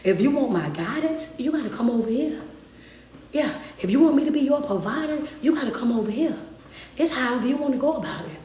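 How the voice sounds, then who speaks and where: Woman doing god as a firm fatherly guy, high voice, roomy echo from far off. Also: lively intonation, brisk, dark tone, a little hiss or hum. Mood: easygoing. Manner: laid-back, repeating firm conditions. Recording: roomy, distant mic, faint ambience.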